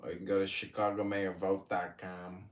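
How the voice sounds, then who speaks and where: A man, a candidate hosting his own show, giving relaxed, chuckling closing remarks. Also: sits low, normal speed, roomy sound, recorded from a distance. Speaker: political candidate and podcast host.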